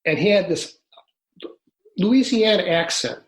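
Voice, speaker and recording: A man in his sixties, a guest author recounting his own past in an interview. He tells it earnestly and haltingly, with many restarts. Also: high voice, expressive, reverberant. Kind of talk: storytelling in an interview.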